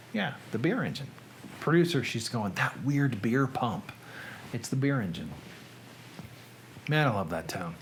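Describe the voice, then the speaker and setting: Man, higher-pitched voice, casual livestream host, chatty, greets viewers by name, home editing room. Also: a little hiss or hum.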